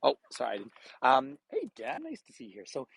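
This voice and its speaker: His mid-range voice is gravelly and slightly rough, swooping wildly in pitch as he talks briskly. He's a tour guide livestreaming a walk by a frozen bay on a phone on a gimbal, chatty and laughing, greeting viewers by name, in a rough recording.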